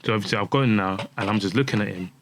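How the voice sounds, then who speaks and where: Over soft background music, a guest footballer on a podcast shares a candid personal story, voicing its characters' dialogue and frequently restarting his sentences. His voice is lowish and fairly bright, and he speaks rapid-fire.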